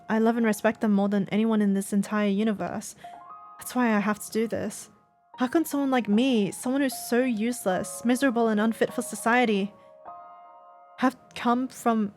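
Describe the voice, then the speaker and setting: A woman's voice: on the high side, a little mellow, lightly acted. A woman voicing a dejected, self-hating teenage boy in a visual novel, speaking in despair. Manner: despairing, hopeless self-loathing. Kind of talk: voiced visual novel reading.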